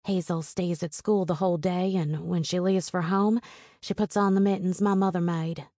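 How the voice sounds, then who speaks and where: A woman narrating a first-person story in a calm, measured reading voice. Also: lowish voice, no room sound, clean studio sound. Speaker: audiobook narrator.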